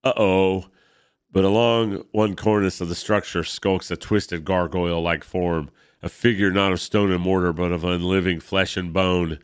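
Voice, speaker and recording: Deep-voiced man narrating a comic. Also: steady tone, normal speed, clean tone, no echo, studio quality. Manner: enthusiastic asides, dramatic narration. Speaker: podcast host. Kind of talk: reading a comic aloud with commentary.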